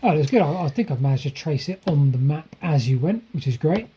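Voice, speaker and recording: A man co-hosting a podcast on a video call, chatting casually with short agreeing replies and quick asides. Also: on the high side, animated, warm tone, slight background noise. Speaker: podcast co-host. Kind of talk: casual chat.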